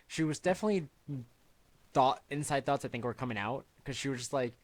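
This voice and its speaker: Young male podcast host, mid-pitched, easygoing storyteller. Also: lively intonation, a little fast. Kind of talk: casual chat, storytelling.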